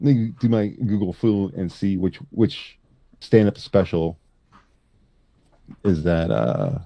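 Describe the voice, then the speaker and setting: A man's voice: sits low, very animated, takes it slowly, vocal fry, no room sound, dull audio. A man in a casual group chat, rambling and listing things off.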